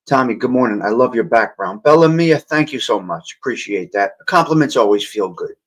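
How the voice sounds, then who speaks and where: A man's voice: mid-range voice, expressive, brisk, rough recording. A man hosting a casual morning livestream, chatting and wisecracking with viewers by name, his voice a little off after a long night, talking into a cheap handheld mic. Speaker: livestream host. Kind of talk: casual live chat reading viewer comments. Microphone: cheap handheld mic moved near and far.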